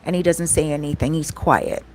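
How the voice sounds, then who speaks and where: Woman vlogger, casual storytime, a touch low-pitched, chatty. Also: steady tone, moderate pace, darkish tone. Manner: chatty, often asks "right?" and says "like".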